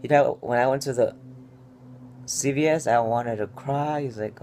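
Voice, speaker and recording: A man's voice: medium pitch, normal speed, a little mellow, slight background noise. Rambling, stressed young man telling his story. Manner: rambling and restless, many fillers and restarts. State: stressed and upset. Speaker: vlogger. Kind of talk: casual personal vlog story.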